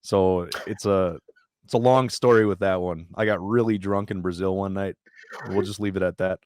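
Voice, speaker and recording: A man's voice: deep voice, moderate pace, dry recording. A man guest on a podcast, a former fighter, telling stories in a casual, profane, laughing way. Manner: profane, laughing, energetic storytelling. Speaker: podcast guest, jiu-jitsu brown belt and former MMA fighter. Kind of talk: casual storytelling.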